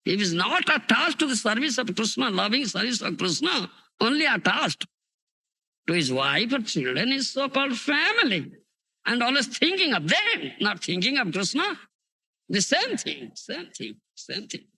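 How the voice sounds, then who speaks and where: Speaking at a normal speed in a very high, husky voice, this Indian English-accented man is a spiritual teacher giving a scripture lecture, captured on dry, close 1990s tape in 1992. His storytelling is lively, and he often asks listeners "you understand?" or simply "huh?".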